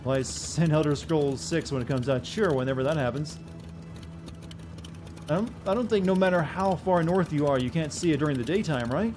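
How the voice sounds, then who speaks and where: A man's voice: a little high, moderate pace, darkish tone, slight background noise. A young man streaming a game, giving sarcastic commentary and mocking what happens on screen. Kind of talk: gameplay commentary.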